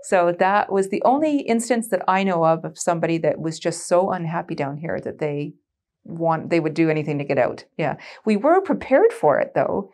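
A woman in her forties from Canada, a former military switchboard operator, telling an oral history story in a lively, anecdotal way and laughing often. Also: lowish voice, normal speed. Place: board room of a museum.

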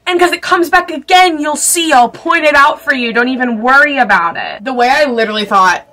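A young woman reacting to a movie in casual commentary, gushing and excitable, often laughing and swearing. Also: high voice, fairly quick.

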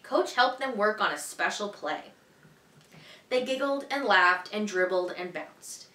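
A woman teacher reading a children's picture book aloud in a clear, expressive, evenly paced way. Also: mid-range voice, measured pace, distant mic. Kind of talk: storybook read-aloud for children. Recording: echoey room, voice a bit off-mic.

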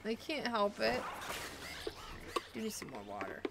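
A woman's voice: medium pitch, huge pitch swings, measured pace, creaky, heavy background noise. A woman streamer chatting and rambling casually as she plays a video game. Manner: rambling, chatty, thinking aloud. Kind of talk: casual chat while playing a video game.

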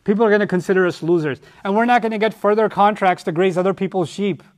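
A man voicing scheming grown brothers who earnestly plead their innocence to their father, in a higher voice than usual. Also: quick pace, lightly acted. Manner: earnest and insistent, protesting innocence.

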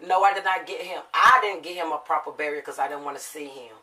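Bright-voiced woman telling family stories. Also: sits low, quick pace, far from the mic, rough recording. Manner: emotional, animated storyteller acting out quotes. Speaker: mother and family vlogger. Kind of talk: casual storytelling to viewers.

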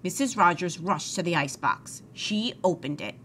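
Expressive female storybook reader for kids; bright, animated delivery. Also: lowish voice, moderate pace, slight background noise. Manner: expressive, addresses young listeners. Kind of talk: children's read-aloud.

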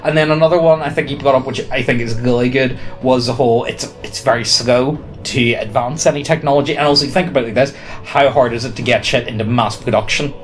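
A man's voice: medium pitch, fairly even intonation, fast talker. A man co-hosting a podcast in casual chat, rambling and apologetic with hesitant restarts. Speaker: podcast co-host.

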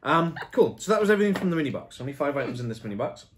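A man co-hosting a casual snack tasting chat, reading packet blurbs aloud slowly and making dry jokes. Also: a little high, sing-song, a little hiss or hum. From United Kingdom. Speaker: co-host.

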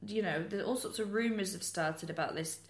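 A woman's voice: mid-range voice, a little fast. Sweary, sarcastic woman comedian, roomy sound. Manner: blunt, sweary, sarcastic asides. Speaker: comedian co-host. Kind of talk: comedic true-crime chat. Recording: roomy echo.

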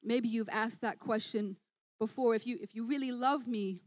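A woman preaching a sermon in church, telling the story in lively scenes with voiced asides and rising excitement. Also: fairly high pitch, moderate pace, dry recording.

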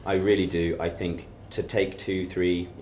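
A man's voice: deep voice, level tone, a little slow, a little mellow. A man, an actor guest in a live promotional interview, talking in a playful, teasing, jokey way. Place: office event space with an audience. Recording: echoey room with crowd noise.

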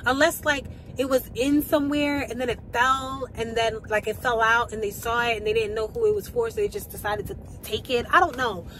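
A woman's voice: a little high, fairly even intonation, a little fast, few pauses, fairly bright tone, a little hiss or hum, rough recording. A young woman vlogging to a handheld camera in casual, rambling chat, swearing freely, her speech slightly slurred from a numbed mouth. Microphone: handheld camera at arm's length.

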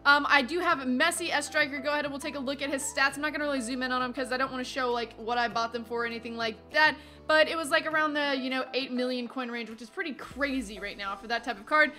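High, bright excitable gaming host. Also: female voice. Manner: chatty, excitable, quick asides. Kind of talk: casual gameplay commentary.

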